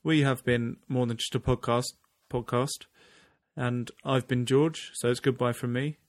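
Steady man hosting a podcast. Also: mid-range voice, measured pace. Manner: steady, wraps up the show. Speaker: podcast host. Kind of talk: casual chat.

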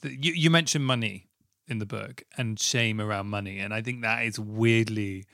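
Low gravelly man hosting a podcast. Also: moderate pace, no room sound, studio quality. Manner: warm, effusive, rambling with restarts. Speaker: podcast host. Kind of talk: casual interview and outro.

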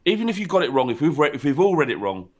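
A man's voice: fairly high pitch, sing-song, very fast. A man co-hosting a casual podcast, rambling and hesitant, with casual swearing. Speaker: podcast co-host.

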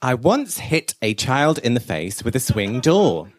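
A man's voice: mid-range voice, sing-song, measured pace. A man appearing as a guest on a live podcast show, reading confessions and giving dry, matter-of-fact answers. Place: live venue with audience.

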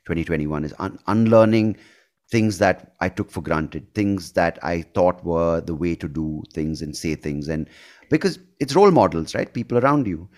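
A man hosts a conversational interview and speaks reflectively and earnestly about his own experience. His voice sits on the lower side for a man. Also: lively intonation, moderate pace, a little mellow. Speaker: host.

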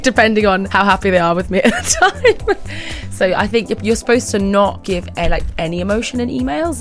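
A giggly woman answers questions in a loose, chatty way. Her pitch leaps around, and she keeps breaking into laughter and quick put-on voices. Soft music plays faintly behind her. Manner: bubbly, laughs often, acts out little voices. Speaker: interview guest, model. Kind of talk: casual chat answering questions.

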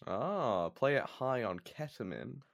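A man's voice: medium pitch, expressive, takes it slowly, creaky. A man co-hosting a podcast, telling a story in casual chat, rambling with lots of fillers and restarts. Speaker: podcast co-host. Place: shared student flat.

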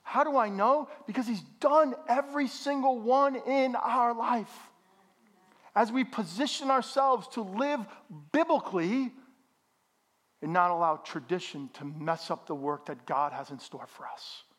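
Middle-aged guy pastor giving a sermon in church, pretty high voice, jokey and lively with the congregation. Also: unhurried. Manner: animated, joking with the congregation.

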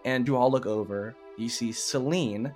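A man's voice: medium pitch, moderate pace, a little mellow, soft background music. Casual male game master narrating. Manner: loose, casual narration with put-on character lines.

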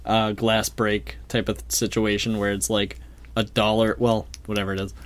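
A man's voice: on the low side, level tone, moderate pace, clear, resonant tone. A man co-hosting a podcast, recapping an episode in casual chat, laid-back and laughing along, swearing casually. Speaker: podcast co-host.

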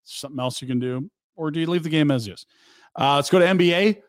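A man hosting a sports talk show, chatting casually with quick asides. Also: fairly high pitch, dry recording. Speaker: sports radio host.

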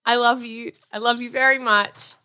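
A woman's voice: fairly high pitch, steady tone, normal speed, pushed and bright. An Australian woman co-hosting a podcast, giggly and playful in casual banter. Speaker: podcast co-host.

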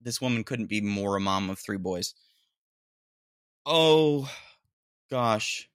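A man hosting a podcast, giving casual, excitable reaction commentary with slangy talk and bursts of laughter. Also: on the low side, takes it slowly, clean tone, no room sound, clean studio sound. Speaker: podcast host.

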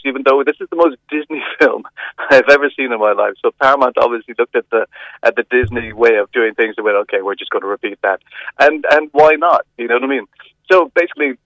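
A man's voice: medium pitch, no echo. Chatty man on a dull phone line. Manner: chatty, hesitant with many restarts, lively emphasis. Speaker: film reviewer. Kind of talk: phone-in film review.

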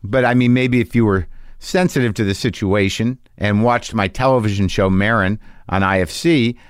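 A man's voice: lowish voice, normal speed, clean tone, dry recording, studio quality. A middle-aged man hosting a podcast, telling a rambling, profane, self-mocking story in a casual monologue. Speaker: podcast host.

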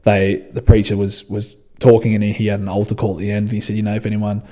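A young Australian man with a fairly low, warm and mellow voice tells his own story as a guest in an interview. He sounds relaxed and conversational and keeps circling back with "you know.". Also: fast. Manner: relaxed and conversational, often says "you know" and restarts phrases. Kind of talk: reflective personal storytelling.

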